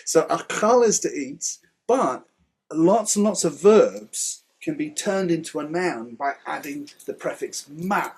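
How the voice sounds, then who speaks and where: Husky man chatting through a Hebrew lesson. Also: on the high side, animated, unhurried. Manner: chatty, laughs often, explains word by word. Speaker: Hebrew teacher. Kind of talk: casual Torah study chat.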